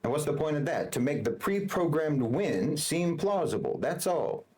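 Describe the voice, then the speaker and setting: A man reading scripted narration in a measured, argumentative way. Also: a little high, lively intonation, a little mellow, a little hiss or hum. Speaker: narrator of the original video.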